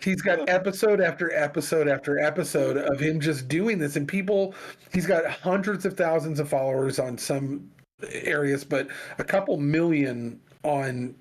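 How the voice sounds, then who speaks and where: A man's voice: fairly high pitch, normal speed. A man co-hosting a casual podcast chat, telling a long story animatedly and acting out quoted phone calls. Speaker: podcast co-host.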